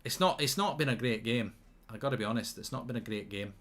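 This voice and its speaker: A man's voice: medium pitch, fast talker, a bit bright. Chatty man doing live football commentary. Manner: chatty and jokey, reading out viewer comments. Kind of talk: casual live-stream match commentary.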